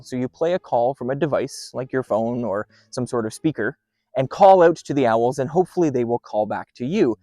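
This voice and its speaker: Lively upbeat man hosting outdoors. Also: medium pitch, no echo. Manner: upbeat and playful, doing owl calls. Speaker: park host. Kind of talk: outdoor educational presentation. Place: outdoors by wooded trails.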